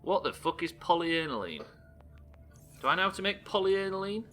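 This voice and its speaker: A young British man streams a video game live, swearing freely and reading chat aloud as he plays and talks with viewers. His voice is high with big pitch swings, moderately paced and sharp in tone. Soft music plays in the background.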